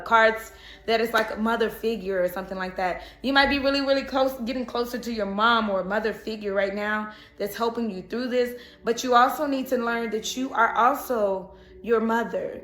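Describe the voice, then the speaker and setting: A woman's voice: on the high side, a bit bright, roomy sound. A woman giving a casual, chatty tarot reading who often laughs. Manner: chatty, laughs and breaks into song. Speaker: tarot reader.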